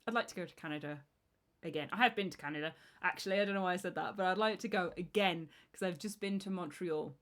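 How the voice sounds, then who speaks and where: A woman's voice: lowish voice, quick pace, fairly bright tone. A woman in her thirties, streaming and chatting casually with a rambling, self-deprecating manner full of restarts. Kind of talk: casual chat.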